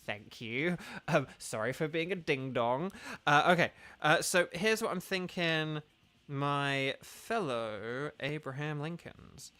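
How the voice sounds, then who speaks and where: A man's voice: fairly high pitch, measured pace, sharp tone, dry recording. A man chatting casually with viewers during a live game stream, rambling and organizing who plays next.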